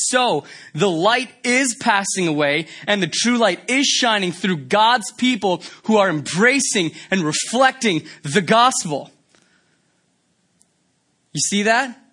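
With a high voice, a male pastor delivers an animated sermon, keeping it conversational and asking rhetorical questions.

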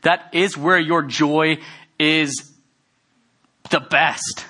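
Bright-voiced, earnest male preacher. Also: a little high, fairly even intonation, drawn-out words. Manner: earnest, conversational preaching that swells into loud emphatic bursts. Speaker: pastor. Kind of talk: sermon.

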